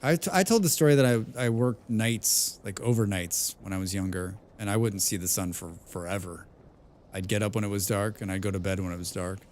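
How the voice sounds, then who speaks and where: A man's voice: fairly low pitch, a little fast, darkish tone, slight background noise. A man streaming a game, thinking aloud and chatting casually with viewers, swearing freely. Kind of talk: casual gameplay livestream chat.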